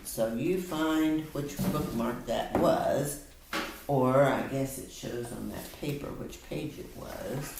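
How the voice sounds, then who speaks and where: A woman with a very deep voice gives a patient one-on-one reading lesson, coaxing and slowing down to model words. She sits back from the microphone in an echoey room, and a faint hiss runs underneath. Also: vocal fry. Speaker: tutor. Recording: echoey room, mic at a distance.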